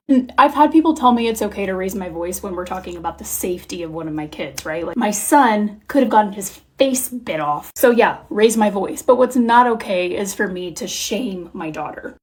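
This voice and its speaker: A woman in her thirties telling a candid, profane, animated parenting story in a vlog. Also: mid-range voice, normal speed, hardly any pauses. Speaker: mom content creator. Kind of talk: confessional vlog monologue.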